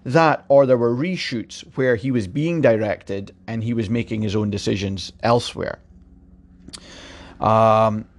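Scottish man, gravelly low voice, sweary film-review rant. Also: a little slow. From Scotland. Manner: sweary, exasperated, frequent restarts.

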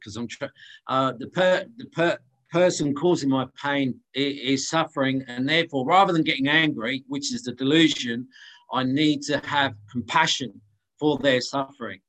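A man asking his teacher a question, speaking hesitantly with halting restarts. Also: mid-range voice, a bit bright, poor audio.

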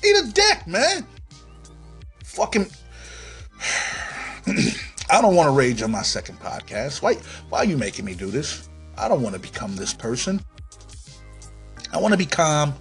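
A man hosting a podcast, delivering a profane comic rant that swings between yelling and low muttering. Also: big pitch swings, normal speed, pauses often, faint music behind. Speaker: podcast host.

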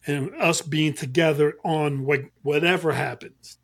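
A man in casual podcast chat, measured and earnest as he makes his point. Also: on the high side, steady tone, gravelly, a bit bright, breathy edge.

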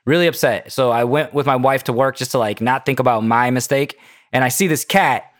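A man's voice: mid-range voice, a little fast. Easygoing male podcast host. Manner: relaxed, encouraging interviewer. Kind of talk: casual chat.

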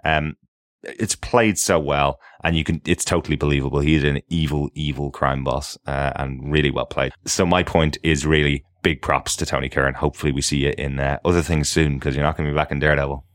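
A man's voice: very deep voice, steady tone, fairly quick, dry recording, clean studio sound. A man co-hosting a podcast, chatting casually and with enthusiasm, with many ums and uhs. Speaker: podcast co-host.

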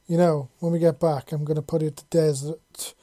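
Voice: mid-range voice, level tone, normal speed, mellow, no room sound, studio quality, close to an everyday voice. A narrator voicing a bold, flirtatious female robot soldier who teases playfully, read from a storybook. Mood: teasing. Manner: teasing, playful.

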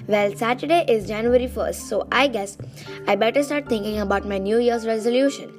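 A woman's voice: on the high side, a little fast, soft background music. A young woman who has lost her voice reads a children's diary book aloud in a casual, chatty way, with small restarts. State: losing her voice. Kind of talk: casual storybook reading.

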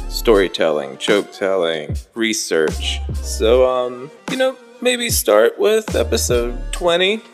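A man recording a rambling, self-deprecating disclaimer for his podcast. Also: lowish voice. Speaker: podcast host. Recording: roomy reverb with loud music behind. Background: guitar music.

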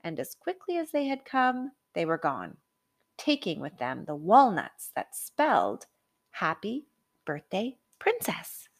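Woman reading a kids' story, slow, lots of pitch swings, dry close sound. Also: dry recording. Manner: expressive, unhurried, dramatic. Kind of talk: storybook read-aloud narration.

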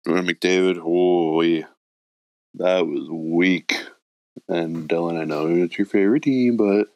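A very low-voiced man chatting on a hockey podcast. He exclaims often and swears mildly, and the recording is dry and close with no room sound. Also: clear, resonant tone, dry recording. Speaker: podcast co-host. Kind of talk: casual hockey chat.

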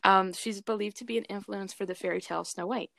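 Podcast co-host, woman, low gravelly voice, chatty and hesitant, dry close sound. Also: fairly even intonation, fast talker, fairly bright tone, no room sound. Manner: chatty, hesitant with many fillers. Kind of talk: casual chat.

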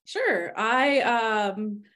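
A woman guest on a library podcast, summarizing a book in a steady, clear way. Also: on the high side, very slow. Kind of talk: casual book talk.

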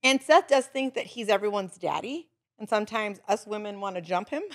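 A middle-aged woman telling a story in casual chat, animated and acting out what others said. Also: medium pitch, a little fast. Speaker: guest.

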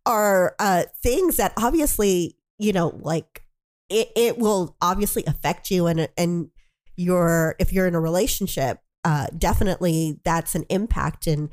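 Brief: female co-host, lowish voice, hesitant, casual chat. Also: measured pace, darkish tone. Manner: hesitant, searching for words.

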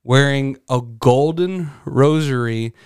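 A man's voice: medium pitch, takes it slowly, a little mellow, smooth, no room sound, studio quality. A young man co-hosting a podcast, telling casual stories with lots of fillers and swearing. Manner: loose, profane storytelling with many fillers. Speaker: podcast co-host. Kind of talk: casual chat.

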